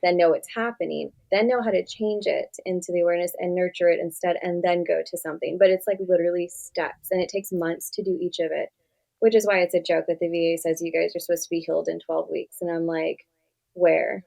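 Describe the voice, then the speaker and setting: Brief: young woman therapist, quick chatty delivery with a touch of vocal fry, acts out client exchanges. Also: fairly low pitch. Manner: animated storyteller acting out client dialogue. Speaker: therapist guest. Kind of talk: casual conversational interview.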